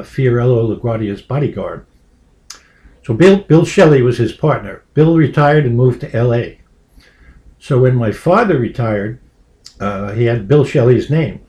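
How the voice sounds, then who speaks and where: Rambling storyteller from Brooklyn. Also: male voice, medium pitch, a little mellow. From Brooklyn, New York. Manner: rambling, full of uh fillers. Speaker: interviewee. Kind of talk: oral history storytelling.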